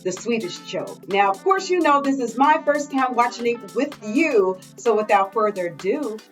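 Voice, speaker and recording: A woman introduces her reaction video in a casual, upbeat way. Her voice is fairly high and sits back from the mic, with quiet music playing underneath. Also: lively intonation, moderate pace, far from the mic.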